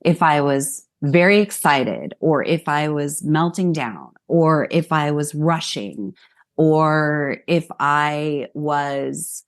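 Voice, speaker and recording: Woman guest, 40s-50s, low gravelly voice, slow and reflective. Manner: reflective, warm storytelling. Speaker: guest therapist. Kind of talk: podcast interview conversation.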